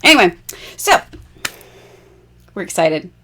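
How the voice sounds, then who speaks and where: A woman's voice: fairly low pitch, big pitch swings, takes it slowly, sharp tone, a little hiss or hum. A bubbly, chatty woman in her forties, hosting a casual jewelry live stream and laughing often.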